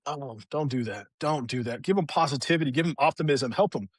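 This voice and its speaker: A man sharing personal stories as a podcast guest in a casual, animated way, acting out the people he quotes. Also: medium pitch, brisk, husky, dry recording. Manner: animated, acts out quoted voices in retelling. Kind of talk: casual conversational storytelling.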